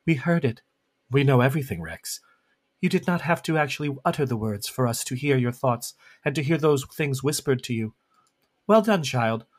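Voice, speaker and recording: A man voicing cold vampire elders who speak quietly and threaten punishment. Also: mid-range voice, lively intonation, moderate pace, natural voice. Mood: menacing.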